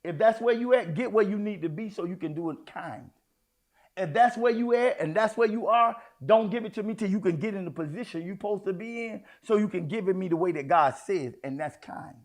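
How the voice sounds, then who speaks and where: High-voiced man preaching a lively sermon. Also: brisk. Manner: conversational preaching, swings between hushed asides and loud outbursts; folksy, addresses congregation as y'all, child, honey. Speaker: apostle preaching.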